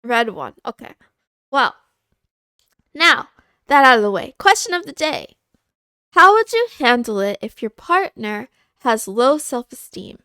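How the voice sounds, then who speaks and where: A woman streamer chatting casually on a livestream, halting and confiding, with frequent pauses and restarts. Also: on the high side, big pitch swings, pushed and bright, clean tone, no room sound, clean studio sound. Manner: halting, with many fillers and restarts; candid and confiding.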